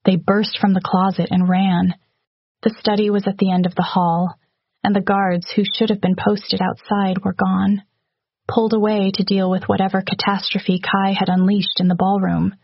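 A woman narrates a story in a level, even-paced read. Her voice is gravelly and a little husky. The recording is dry and slightly dull. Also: medium pitch, normal speed, no echo. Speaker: audiobook narrator. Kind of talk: scripted narration.

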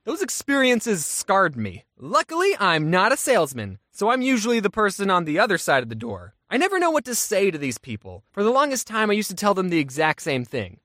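A man's voice: high voice, wildly swooping pitch, brisk, few pauses, bright, forceful tone, dry recording, studio quality. A young adult man, a YouTuber, telling a comic storytime in a wry, self-mocking way. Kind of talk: animated storytime.

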